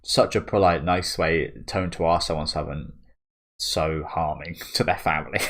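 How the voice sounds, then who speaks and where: A man's voice: low-pitched, measured pace, fairly bright tone. A young man hosting a manga reaction video, chatting casually and musing aloud with fillers and small chuckles. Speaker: manga reaction channel host.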